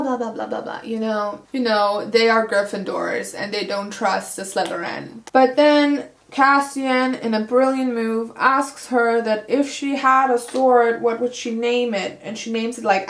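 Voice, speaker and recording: A woman giving a casual, humorous book recap with sarcastic, playful asides. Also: mid-range voice. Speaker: book vlogger. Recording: echoey room.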